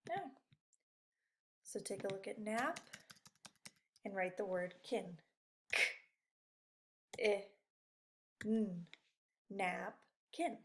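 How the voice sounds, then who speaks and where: A woman teaches young children from afar, talking them through their worksheet step by step. She speaks slowly and patiently, at a middling pitch, with an encouraging tone. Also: animated. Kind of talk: remote lesson for young children.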